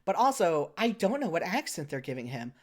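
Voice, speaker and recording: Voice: medium pitch, big pitch swings, a little fast. A podcast co-host in casual chat, rambling with lots of "like" and frequent self-corrections.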